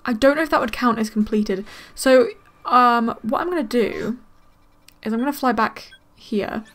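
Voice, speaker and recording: A young woman giving excitable, gasp-filled commentary while playing a video game and thinking aloud. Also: fairly high pitch, normal speed. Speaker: gaming let's player. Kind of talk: casual gameplay commentary. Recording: faint game music behind.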